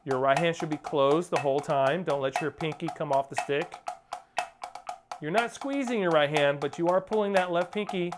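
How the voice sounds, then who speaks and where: A man's voice: on the high side, moderate pace, music in the background. A male percussion teacher giving a drum lesson, coaching steadily, counting off and singing rhythms as syllables. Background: percussion playing.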